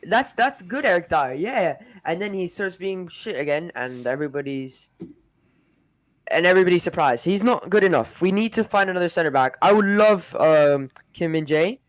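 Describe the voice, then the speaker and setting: A man's voice: fairly high pitch, animated, moderate pace. A man from America co-hosting a football fan show, talking in a rambling, exasperated way with frequent restarts. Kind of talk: casual fan chat.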